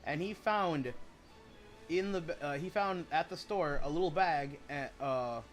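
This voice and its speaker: A man's voice: on the high side, unhurried, soft background music. A man chatting casually while he streams a video game, rambling and swearing as he retells stories.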